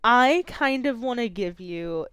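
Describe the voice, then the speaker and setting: A woman's voice: fairly high pitch, expressive, a little slow, fairly bright tone, clear, resonant tone, dry recording, soft background music. A woman streamer chatting casually and eagerly explaining a game's rules to her co-player. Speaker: streamer running the game. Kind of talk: casual gaming chat.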